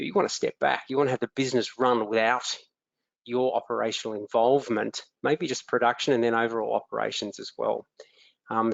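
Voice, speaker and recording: A man's voice: mid-range voice, vocal fry, dry recording. An Australian man hosting a live webinar as a business coach, upbeat, greeting attendees by name with frequent ums. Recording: dry, dull lo-fi webinar audio.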